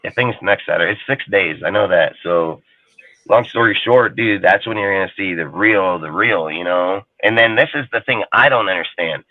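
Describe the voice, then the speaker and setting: A man's voice: sits low, normal speed, no room sound. A man talking football on a casual sports talk show, rambling, profane and heated. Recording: tinny phone-like line, dry.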